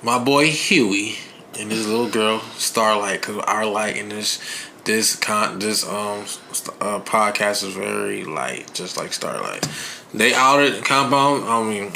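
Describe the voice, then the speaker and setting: Man, podcast co-host, bright voice, faint background hum. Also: lowish voice, gravelly. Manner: animated, does goofy put-on accents. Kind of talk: casual review chat.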